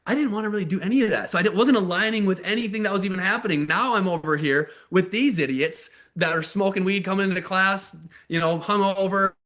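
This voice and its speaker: Telling his life story to an online call, a thirty-something American motivational speaker speaks fast in a high-pitched, fairly bright tone. He's candid and casual, sometimes dramatizing the people he quotes.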